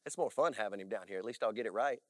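A male pastor preaching a sermon, telling stories in an animated way and often checking in with "all right?". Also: fairly low pitch, racing, no echo. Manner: animated storytelling with frequent "all right?" asides.

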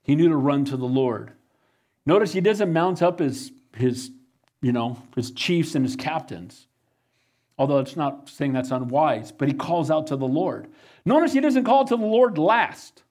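Guy preaching, fairly high voice, gets fired up and keeps asking amen. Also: darkish tone. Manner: preaches with rising, fervent emphasis and repeated "Amen?". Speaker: pastor. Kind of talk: sermon.

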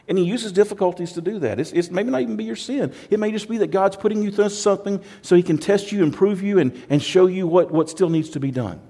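A man's voice: sits high, expressive, fast talker, few pauses, a little mellow. A male pastor preaching a sermon in a plain-spoken way, often repeating words and acting out quoted voices.

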